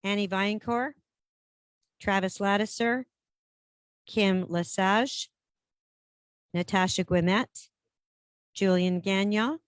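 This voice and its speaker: A woman chairing a regional council meeting in a brisk, procedural way, switching between English and French. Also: medium pitch, smooth, no room sound. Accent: Canadian French-English bilingual.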